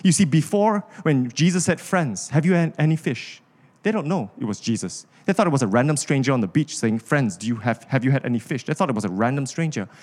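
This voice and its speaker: A man's voice: mid-range voice, animated, brisk, darkish tone. A man, preaching a sermon with an impassioned, repetitive cadence. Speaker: pastor.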